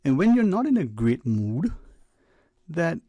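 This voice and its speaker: A man's voice: a little high, big pitch swings, dark tone, no echo. A man hosting a talk radio show, giving a reflective, preachy monologue in a conversational way. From Cayman Islands. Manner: conversational, preachy, speeds up and slows down for emphasis. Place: radio studio. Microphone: studio microphone.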